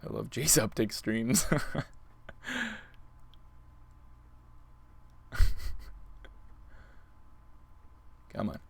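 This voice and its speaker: Gravelly-voiced man streaming a card game. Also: lowish voice, animated, normal speed. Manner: playful, talks to opponent and chat. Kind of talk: live game commentary.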